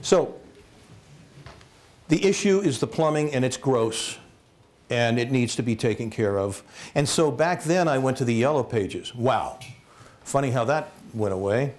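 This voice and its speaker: A man giving a comic storytelling talk as guest speaker at a college, animated and jokey, acting out voices. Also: medium pitch, a little slow, pauses often. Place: lecture hall at a college.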